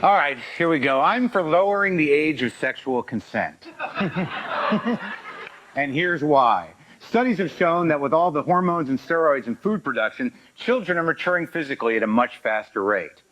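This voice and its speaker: A man's voice: fairly high pitch, lively intonation, normal speed, a bit bright, a little hiss or hum. A man comedian on a panel show, making a mock-earnest argument that builds to a twist. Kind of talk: stand-up style bit. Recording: dull lo-fi TV recording.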